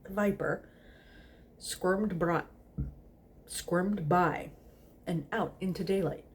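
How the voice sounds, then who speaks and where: Tipsy woman reading slowly, low voice. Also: slight background noise. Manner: giggly, stumbling over words. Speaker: host. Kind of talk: tipsy casual story reading.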